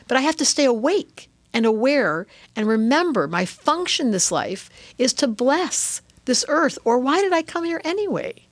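A middle-aged woman speaking as an interview guest, lively and expressive, often acting out inner voices and laughing. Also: high-pitched, normal speed, few pauses, dry recording. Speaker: guest, astrologer and author. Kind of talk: animated interview talk.

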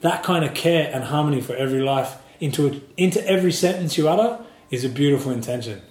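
A man who teaches martial arts and Qigong, speaking in an earnest, measured way during a reflective group discussion. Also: fairly high pitch, lively intonation, darkish tone, roomy sound.

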